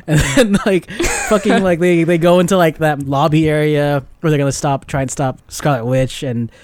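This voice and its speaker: A young man co-hosting a podcast, excitedly retelling film scenes in casual slang, laughing often and saying "like" a lot. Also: on the high side, normal speed, no echo. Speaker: podcast co-host. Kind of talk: casual chat.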